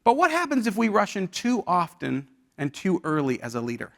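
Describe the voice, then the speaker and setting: A man's voice: sits high, huge pitch swings, brisk, vocal fry. A man in his forties presenting a leadership workshop, talking conversationally with the audience and telling stories. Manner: conversational storytelling with audience questions. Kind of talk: live workshop talk. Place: university event hall.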